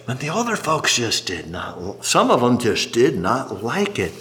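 A middle-aged man preaching a sermon, telling a story in an animated way and acting out what people said. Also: medium pitch, a little slow. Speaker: pastor.

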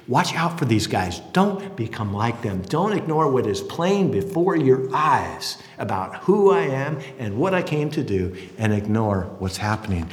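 A man in his fifties preaching a sermon, telling stories and acting out the voices of the people in them. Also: fairly high pitch. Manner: animated storytelling, acting out voices. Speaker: pastor. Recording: echoey hall.

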